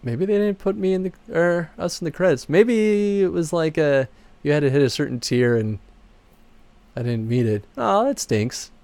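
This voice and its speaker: A man casually chatting with viewers on his livestream while game credits roll. He laughs often and his voice jumps high when he gets excited. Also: moderate pace, dry recording. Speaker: streamer and game producer.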